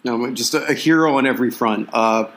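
A man's voice: mid-range voice, a little fast, fairly bright tone. Chatty Canadian man on a sports show. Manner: chatty, asks questions, lots of fillers. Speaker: sports podcast host. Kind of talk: casual sports chat.

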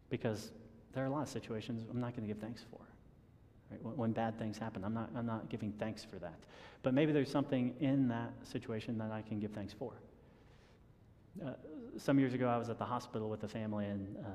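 A man preaching a sermon in a relaxed conversational way, chuckling at his own stories and often restarting his sentences. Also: fairly low pitch, big-room sound. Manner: conversational, self-deprecating with chuckles and repeated restarts. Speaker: pastor.

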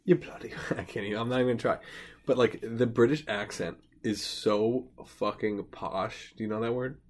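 A man's voice: on the low side, steady tone, moderate pace. A young man co-hosting a podcast, rambling crudely in casual banter with laughing asides. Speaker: podcast co-host.

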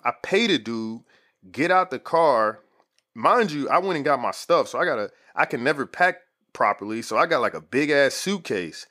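A man's voice: medium pitch, lively intonation, moderate pace, sharp tone. Laid-back slangy man telling a story. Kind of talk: casual storytelling.

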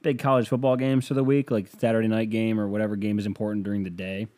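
A man's voice: on the low side, level tone, fast, dark tone. A man hosting an audio podcast in a casual comedic monologue, swearing often and laughing at his own jokes. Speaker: podcast host.

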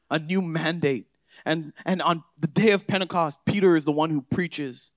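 A man preaching a conversational sermon, shifting from quiet, easygoing asides to emphatic, rising declarations. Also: on the high side, moderate pace, no echo. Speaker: pastor.

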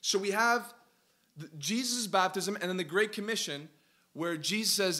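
A man teaching a Bible study as a pastor, emphatic, asking his listeners questions and slowing down to stress key words. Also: high-pitched, sharp tone. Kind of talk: interactive sermon teaching.

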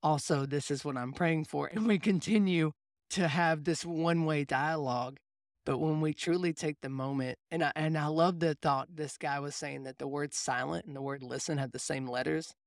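A man's voice: a little high, steady tone, moderate pace, gravelly, no room sound, clean studio sound. A young adult man, a mindset coach, telling a reflective personal story in casual faith conversation. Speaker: podcast co-host, mindset coach.

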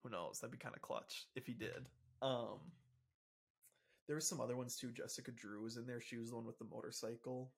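A man's voice: medium pitch, fairly quick, vocal fry. A young man co-hosting a casual podcast, explaining comic plots in a loose, rambling way full of fillers. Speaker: podcast co-host. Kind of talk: casual chat.

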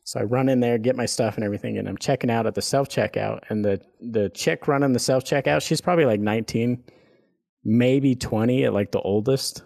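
A man's voice: medium pitch, a little fast, gravelly, a little mellow. A man co-hosting a podcast, telling a rambling, profane story in casual chat and laughing as he goes. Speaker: podcast co-host.

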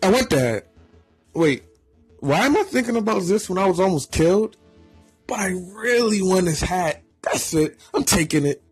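A man voicing a flustered young woman who blurts out startled lines, with a husky tone. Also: sits high, lively intonation, normal speed, faint music behind, voice pushed up.

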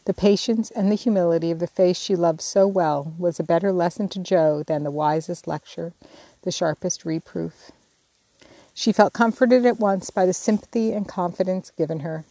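A woman narrating an audiobook in a measured, expressive reading. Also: lowish voice, no echo. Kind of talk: scripted narration.

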